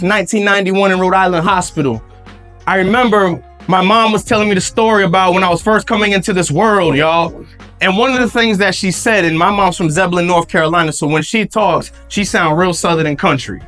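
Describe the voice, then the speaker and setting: A man's voice: sits high, brisk, bright, forceful tone, faint music behind. A man in his thirties giving a motivational speech to students at a school event, hyping the crowd with call-and-response and lots of "y'all". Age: 30s. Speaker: motivational speaker. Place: school event with live audience.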